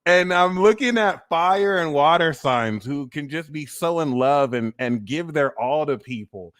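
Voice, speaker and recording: A man hosting a casual astrology livestream, talking about himself in an animated, profane and self-mocking way, often laughing at himself. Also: measured pace. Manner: animated, swings into high squeaky mock voices and self-mocking rants. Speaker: astrology reader and streamer.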